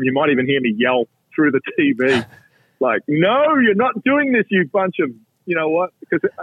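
A middle-aged Australian man, a podcast guest telling golf stories in a lively, blunt way with salty asides. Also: mid-range voice, breathy edge, no echo. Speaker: podcast guest, pro golfer. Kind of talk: casual storytelling. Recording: tinny phone-like line, dry.

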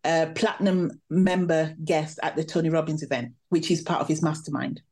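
A woman, a podcast guest, telling a personal story in a lively, animated way. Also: low-pitched, fairly quick. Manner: animated, vivid storytelling with laughs. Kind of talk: storytelling interview.

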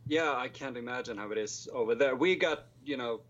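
A man's voice: mid-range voice, a little fast, fairly bright tone, muffled recording. A man in his twenties with a Swedish accent, a filmmaker guest talking hesitantly and wryly, poking fun at himself. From Sweden. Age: 20s. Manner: self-deprecating, hesitant, wry. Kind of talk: casual interview chat.

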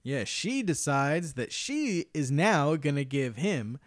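A mid-pitched voice trades dry, teasing remarks while recapping a reality show for a podcast. The sound is close and dry, with no room echo at all. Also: sing-song, slow pace. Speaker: podcast co-host. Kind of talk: casual reality TV recap chat.

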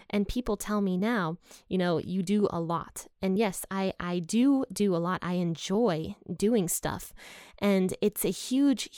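A woman's voice: mid-range voice, a little mellow, clean tone, no echo, studio quality. A woman teaching from the Bible in a casual, personal, earnest way. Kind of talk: casual devotional talk.

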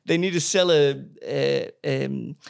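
A man's voice: medium pitch, slow, vocal fry, clear, resonant tone. A man hosting a podcast, telling stories animatedly, swearing freely and restarting sentences. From Australia. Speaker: podcast host. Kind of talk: casual podcast chat.

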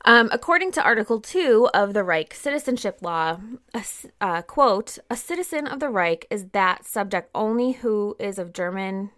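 Woman podcast host reading through notes, casual, little asides, middle pitch. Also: expressive, moderate pace, a bit bright. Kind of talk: conversational history podcast.

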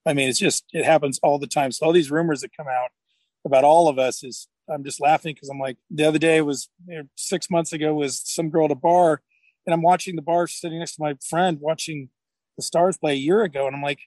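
Man, middle-aged, casual interview guest, rambling storyteller, somewhat high, dry mic. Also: steady tone, fairly quick, a little mellow, no echo, rough recording. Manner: rambling, self-correcting storyteller. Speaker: podcast guest.

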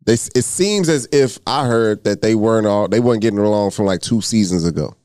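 A man's voice: lowish voice, fairly quick, a little mellow, dry recording, studio quality. A man from Houston with a Texas accent, co-hosting a podcast, laid-back but ready to argue a point. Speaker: podcast co-host. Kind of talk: casual chat. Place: podcast studio.

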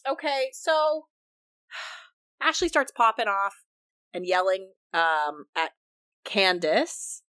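A woman co-hosting a casual podcast, retelling events with animated quotes. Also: mid-range voice, slow pace, long pauses, clear, resonant tone. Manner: animated storytelling, quoting people. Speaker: podcast co-host. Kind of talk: casual recap chat.

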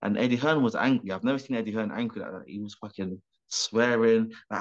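Animated swearing boxer over a video call. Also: male voice, on the low side, a little fast. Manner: animated, swearing, rambling with restarts. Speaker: professional boxer. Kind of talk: casual remote interview. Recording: dull lo-fi video call audio.

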